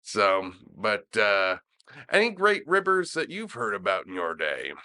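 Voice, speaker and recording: Animated male podcast storyteller. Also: lowish voice, measured pace. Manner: animated storyteller, chuckling, filler-heavy. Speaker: podcast co-host. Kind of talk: casual storytelling chat.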